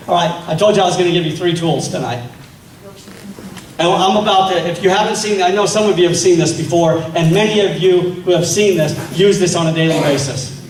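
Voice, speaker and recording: A man's voice: high-pitched, a little hiss or hum. A man giving a fiery political speech at a meeting, rousing the crowd with rhetorical questions. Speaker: political speaker. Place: meeting hall. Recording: echoey hall from far off.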